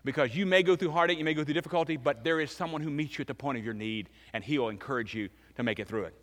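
A man in his fifties preaching a sermon as pastor, emphatic, swinging between loud and hushed. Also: fairly high pitch, very fast. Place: church sanctuary. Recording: long reverb of a large church hall.

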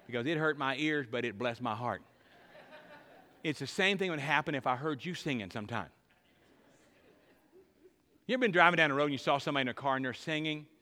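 A man preaching a sermon in a church sanctuary, his bright, forceful voice carrying a long hall reverb. He moves between loud emphatic declarations and quiet, tender stretches. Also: on the high side. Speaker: pastor.

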